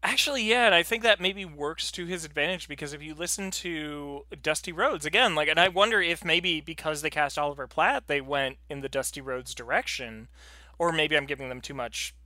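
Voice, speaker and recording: Bright, lively man chatting casually. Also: a little high, fairly quick, no room sound. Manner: animated, rambling, laughs often. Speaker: podcast co-host. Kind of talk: casual chat.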